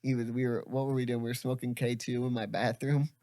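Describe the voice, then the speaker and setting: A man's voice: mid-range voice, level tone, quick pace, warm tone, no room sound. A young man hosting a podcast, telling stories in casual chat, rambling with lots of laughs and swearing. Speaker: podcast host.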